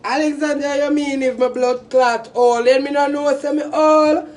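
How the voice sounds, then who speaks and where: A woman's voice: high voice, steady tone, moderate pace, a little mellow, distant mic. A Jamaican woman in her twenties, delivering a profane, taunting, confrontational rant straight to camera. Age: 20s. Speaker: social media personality. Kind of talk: angry insult rant to camera.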